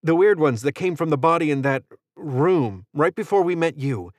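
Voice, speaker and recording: A frightened, foul-mouthed young woman, as a male narrator puts her on, her voice lifted well above his own low register. She snaps and swears in a dry, close audiobook read. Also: animated, moderate pace, dry recording, natural voice. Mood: exasperated. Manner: swears, snappish.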